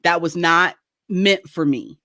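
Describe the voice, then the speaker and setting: A woman's voice: fairly low pitch, slow, sharp tone, no room sound, clean studio sound. A woman telling a story in casual chat on a video call. She talks animatedly, laughs often and acts out the quoted voices. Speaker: guest.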